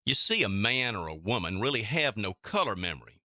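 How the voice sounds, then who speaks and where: Lower-voiced man explaining in an ad. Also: very animated, fairly quick, bright, forceful tone, dry recording, clean studio sound. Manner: explanatory, assured. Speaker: jeweler in a radio ad. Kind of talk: scripted radio ad explanation.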